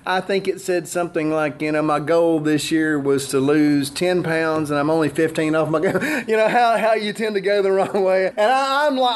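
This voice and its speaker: High-voiced man preaching a conversational sermon. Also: slight background noise. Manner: conversational preaching with asides and self-deprecating humor. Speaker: pastor.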